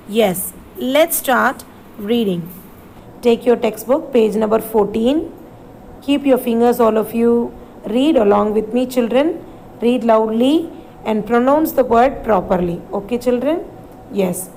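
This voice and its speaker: A woman's voice: high-pitched, dark tone, a little hiss or hum, low-quality recording. A woman teacher with an Indian English accent, giving a recorded reading lesson to young children, spelling out words letter by letter and asking them questions. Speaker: primary school English teacher.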